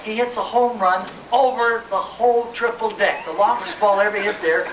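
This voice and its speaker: An elderly man, a retired ballplayer, telling an animated anecdote at a live event and acting out the voices in it. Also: high-pitched, moderate pace. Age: older. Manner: animated, acts out voices in his story. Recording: echoey room, distant mic, clear noise.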